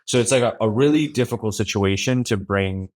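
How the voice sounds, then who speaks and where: Lower-voiced man, podcast guest, easygoing and rambling delivery. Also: a little fast. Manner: relaxed, rambling, frequent restarts and "like". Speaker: podcast guest, brand creative officer. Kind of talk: casual interview chat.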